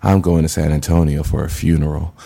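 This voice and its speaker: A man's voice: rumbling low, flat delivery, fairly quick, creaky, warm tone. A young man telling a funny story in casual podcast chat, laughing often and acting out his own reactions. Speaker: podcast guest, comedian.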